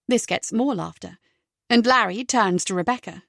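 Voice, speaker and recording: A woman narrating a mystery audiobook in a measured storytelling manner. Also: mid-range voice, gravelly, a bit bright, no echo, studio quality. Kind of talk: scripted narration.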